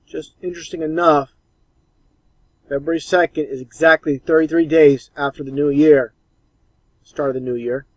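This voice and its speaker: A man's voice: on the high side, steady tone, moderate pace, long pauses, no echo, highs cut off. A man commenting scornfully and insistently over old clips.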